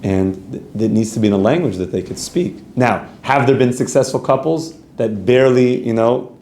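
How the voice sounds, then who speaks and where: A man's voice: medium pitch, normal speed, dark tone, echoey room, a little hiss or hum. A man, a rabbi giving an earnest, conversational Torah class, reading Hebrew text aloud and translating it as he goes. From Canada.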